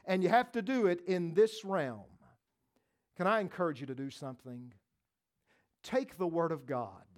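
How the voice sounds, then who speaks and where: A man preaching a sermon, swinging from loud, emphatic lines to soft, hushed ones and repeating phrases for emphasis. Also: high voice.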